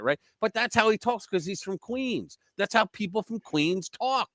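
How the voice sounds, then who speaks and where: A man's voice: high voice, animated, moderate pace, hardly any pauses, a bit bright, no echo, studio quality. A man hosting a casual live-stream commentary show, blunt and profane, laughing at his own jokes. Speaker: host.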